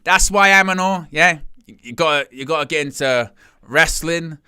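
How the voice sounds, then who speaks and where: A man hosting a live wrestling watch-along, calling the action with excited gasps and exclamations. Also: fairly high pitch, moderate pace, clean tone, dry recording, studio quality. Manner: animated, exclaiming "oh" at each move. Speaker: wrestling live-stream host.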